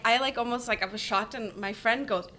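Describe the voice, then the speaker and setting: A woman from Denmark, co-founder of a jewelry brand, telling lively stories in an interview, laughing often and acting out quoted voices. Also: on the high side, brisk, slight background noise. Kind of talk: conversational interview.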